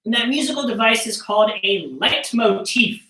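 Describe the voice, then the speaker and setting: A woman's voice: on the high side, moderate pace, pushed and bright. A woman performing and teaching percussion storytelling to children over a live stream, in a playful, joking way. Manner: playful, jokey, talking to kids. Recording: roomy sound, mic at a distance.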